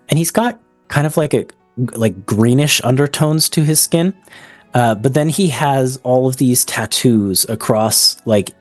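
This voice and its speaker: Give me a slow, hesitant man as game master describing a scene. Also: mid-range voice, a little mellow, no echo. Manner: descriptive, many fillers. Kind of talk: narrating a tabletop game.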